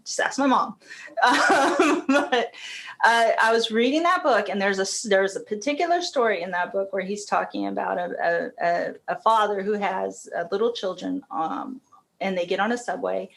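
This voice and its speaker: A woman's voice: medium pitch, normal speed, vocal fry, fairly bright tone. Podcast guest, woman, casual and heartfelt, laughs easily, talks in loose run-on phrases. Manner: chatty, laughs often, emotional. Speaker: podcast guest, company COO.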